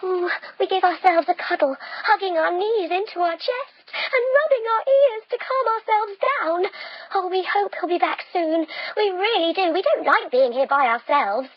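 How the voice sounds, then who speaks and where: A woman leading a children's yoga lesson as a story, playful and animated, with silly sound effects. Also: very high voice, moderate pace, no echo, dull audio. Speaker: kids yoga teacher.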